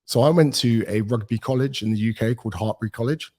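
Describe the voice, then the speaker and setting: A British personal trainer in his thirties, speaking fast in a medium-pitched voice, appears as a guest on a casual podcast interview. He's an animated storyteller who acts out the dialogue he quotes.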